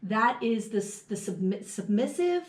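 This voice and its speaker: High voiced lady podcaster, sarcastic and cussing, roomy echo. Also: big pitch swings, normal speed. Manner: blunt, profane, sarcastic. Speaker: podcast co-host. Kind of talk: casual chat. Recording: echoey room.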